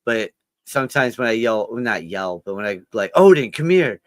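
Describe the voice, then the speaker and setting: Over a home video-call mic, this middle-aged podcast co-host keeps things casual through a watch-along, full of teasing, jokes, and frequent laughter. He speaks at a moderate pace in a fairly bright tone on the low side, and the recording is dry.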